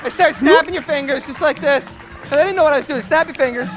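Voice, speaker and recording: High-voiced animated young man on stage. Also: fast, faint music behind. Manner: animated, loud whoops and mock voices. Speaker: motivational speaker. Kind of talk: comic storytelling on stage.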